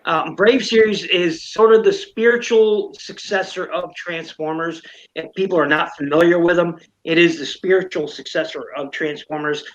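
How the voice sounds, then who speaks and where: A man's voice: fairly high pitch, moderate pace, dull audio. A man hosting a casual live-stream chat about toys, rambling and playful. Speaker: host.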